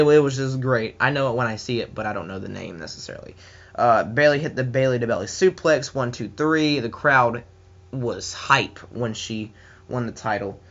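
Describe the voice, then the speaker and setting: A man's voice: mid-range voice, fairly bright tone, dull audio. A man with a Southern US accent giving a casual, enthusiastic solo wrestling review, rambling with many fillers and restarts.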